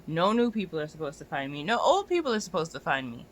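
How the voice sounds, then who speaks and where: A young adult dog walker rants into a phone camera, exasperated and profane, often climbing to near-shouts. The voice is medium-pitched with big pitch swings and a quick pace.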